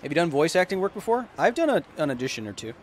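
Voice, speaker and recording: A man's voice: fairly high pitch, big pitch swings, very fast, a little hiss or hum. A man in his thirties with an American accent, casually streaming a game and joking with chat. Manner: joking, tries out voice impressions. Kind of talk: casual gameplay livestream.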